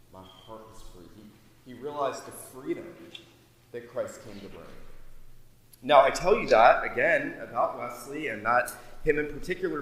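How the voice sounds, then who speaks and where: A man's voice: medium pitch, fairly bright tone. A man preaching a sermon as pastor, reading scripture and speaking with emphatic swells in volume. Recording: echoey hall, mic at a distance.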